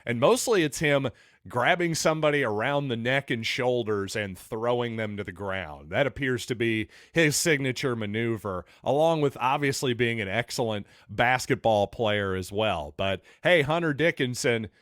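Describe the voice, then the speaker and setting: A man's voice: mid-range voice, moderate pace, fairly bright tone, no echo, studio quality. A man hosting a solo sports podcast, talking in an opinionated, conversational and wry way.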